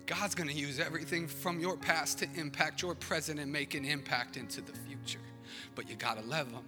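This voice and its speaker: Guy pastor preaching hard, high bright voice, long church-hall echo. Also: steady tone, a little fast, over music. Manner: impassioned preaching, rising and falling intensity. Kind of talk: sermon.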